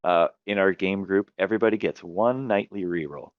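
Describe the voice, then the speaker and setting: A man's voice: low-pitched, normal speed, dry recording, lo-fi sound. A man hosting a podcast, chatting casually as a game master who tells a long story and often stops to correct himself. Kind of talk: casual chat about tabletop games.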